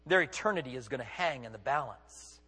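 A man's voice: mid-range voice, expressive, a little fast, bright, forceful tone, slightly rough. A man preaching as a pastor, emphatic, firing off rhetorical questions and acting out what people say. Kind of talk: sermon. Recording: long reverb of a large hall.

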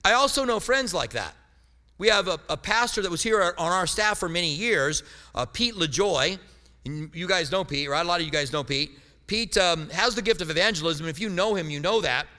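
Middle-aged male pastor, humorous storyteller, forceful tone. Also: high-pitched, animated, normal speed, big-room sound. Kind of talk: sermon.

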